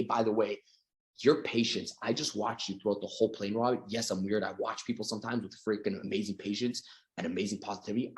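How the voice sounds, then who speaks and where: Man, sales coach, fast talker, energetic, motivational training talk. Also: mid-range voice. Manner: energetic, acts out little scenes with quoted voices.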